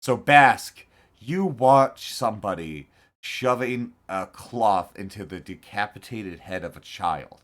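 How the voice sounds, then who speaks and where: A man's voice: lowish voice, animated, slow pace, fairly bright tone. A man narrating as game master of a tabletop game, loose and joking. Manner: laughs often, loose and joking.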